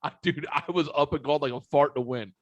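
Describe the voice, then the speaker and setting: Profane, animated man telling stories. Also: a little high, quick pace, no echo, highs cut off. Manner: profane, animated storyteller saying dude a lot. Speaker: podcast host. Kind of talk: casual storytelling chat.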